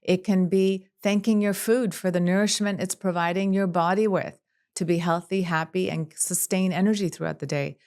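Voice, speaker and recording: A woman clinical psychologist speaking as a podcast guest, calm and measured, running through long lists of examples. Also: lowish voice, clean tone. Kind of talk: podcast interview.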